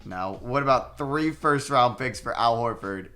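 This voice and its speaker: A young man giving casual commentary over a basketball video game, recapping scores and getting loudly frustrated at his own play. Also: mid-range voice, measured pace, soft background music. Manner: excitable, self-deprecating, swings between flat recaps and loud outbursts. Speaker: gaming YouTuber.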